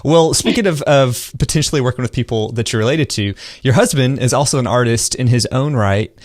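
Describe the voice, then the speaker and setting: A man's voice: medium pitch, a little fast, no echo, studio quality. A young man hosting a podcast, asking loose, chatty questions full of fillers. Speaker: podcast host. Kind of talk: casual interview chat.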